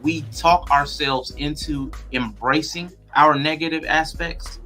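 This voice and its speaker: A man's voice: a little high, steady tone, unhurried, pushed and bright, faint music behind. A man hosting a livestreamed talk show, greeting viewers and posing thoughtful questions in casual chat. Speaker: podcast host.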